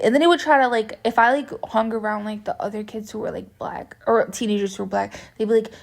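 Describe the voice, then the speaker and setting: A young woman vlogger chats casually through a story time, meandering and saying "like" constantly. Her medium-pitched voice is steady in tone, fast and full of vocal fry, with hardly any pauses.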